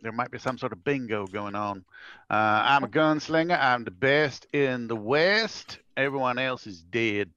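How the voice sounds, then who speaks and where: Deadpan jokey guy, really bright edge to his voice, dry close sound. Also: medium pitch, moderate pace, no room sound, highs cut off. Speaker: player. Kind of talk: joking in-character introduction.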